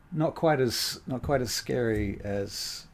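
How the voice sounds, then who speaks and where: Gravelly man running a game. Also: medium pitch, slow. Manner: relaxed, joking, many fillers. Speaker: game master. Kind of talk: running a tabletop game, casual chat.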